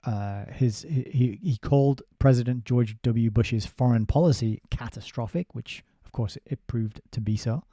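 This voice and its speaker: Male book reviewer with a deep, warm, dark tone and a dry close sound. He is sardonic and halting. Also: dry recording. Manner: sardonic asides with halting restarts. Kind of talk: casual spoken book review, reading passages aloud.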